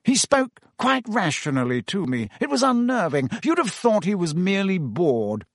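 A man's voice: high voice, big pitch swings, moderate pace, dry recording, clean studio sound, voice pushed up, heavily acted. Bloke reading as a fussy pompous minister guy, kinda raised voice, lots of ups and downs. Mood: earnest. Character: pompous middle-aged male minister, bustling and shaken.

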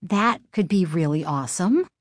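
A woman's voice: on the low side, animated, normal speed, no echo, studio quality, natural voice. Woman voicing a friendly young girl. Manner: friendly, suggesting.

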